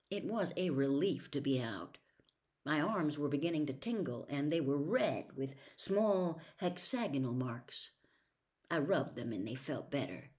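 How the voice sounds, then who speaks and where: A woman reading a novel aloud in a slow, measured, hushed storytelling voice. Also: deep voice, animated. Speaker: story reader.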